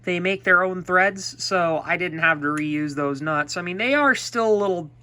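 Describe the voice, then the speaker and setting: Bright-voiced man showing off a vacuum. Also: high voice, moderate pace. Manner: rambling, offhand, with fillers and restarts. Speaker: vacuum restorer. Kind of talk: casual show-and-tell narration.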